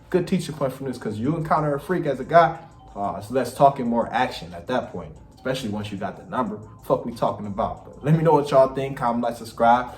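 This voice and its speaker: A man, hosting a reaction video and giving blunt, profane, animated commentary. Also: medium pitch. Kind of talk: casual commentary. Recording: echoey room with faint music.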